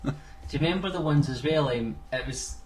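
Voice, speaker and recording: A man in casual chat as a podcast co-host, telling stories in an animated, sweary way. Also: a little high, moderate pace, reverberant, recorded from a distance, slight background noise.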